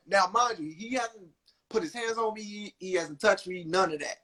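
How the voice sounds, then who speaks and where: A young man hosting a podcast, telling a story in a casual, animated way and acting out the people in it. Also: normal speed. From New Jersey. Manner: animated, acts out quotes with big pitch jumps. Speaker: podcast host.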